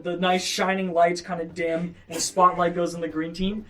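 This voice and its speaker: A man's voice: sits high, little pitch movement, moderate pace, fairly bright tone, far from the mic. A man narrating a tabletop game as game master, in a loose, chatty way full of fillers.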